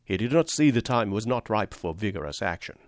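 A man's voice: lowish voice, expressive, brisk, no echo, studio quality, natural voice. A man voicing a scheming, self-righteous company manager who sighs and speaks with false sorrow, in an audiobook reading. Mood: smug regret. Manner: cautious, sighing, falsely sorrowful. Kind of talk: audiobook character voice.

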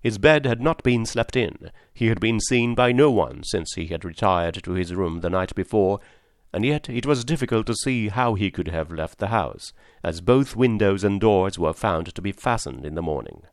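A man narrating a story aloud in a measured, formal manner. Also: on the low side, lively intonation, no echo, studio quality. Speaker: audiobook narrator. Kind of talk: scripted narration.

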